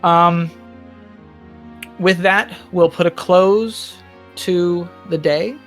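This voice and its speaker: A woman running a tabletop game as game master, narrating loosely with many pauses and fillers. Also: fairly low pitch, fairly even intonation. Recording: dry with soft music behind.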